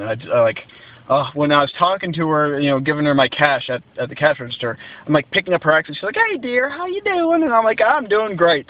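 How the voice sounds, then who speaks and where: A man giving a casual vlog update from a gas station stop, rambling with lots of fillers. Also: a little high. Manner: rambling, many fillers and restarts. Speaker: road-trip vlogger. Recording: dull lo-fi sound.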